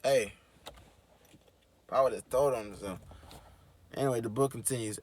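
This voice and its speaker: A man hosting his own show, reading a book aloud and breaking off into animated, slangy, swearing commentary. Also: medium pitch, unhurried, long pauses, no echo. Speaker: host.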